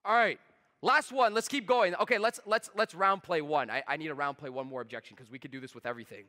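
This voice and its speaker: A man giving a live sales seminar, talking fast, emphatic and blunt, swearing freely at his audience. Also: fairly high pitch, bright, forceful tone, big-room sound. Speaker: sales trainer.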